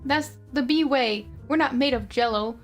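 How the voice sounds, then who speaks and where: An earnest young male bee pleads his case, turning rushed and frantic when things go wrong, as a woman reads him aloud. The voice sits fairly high, with faint music underneath. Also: close to an everyday voice.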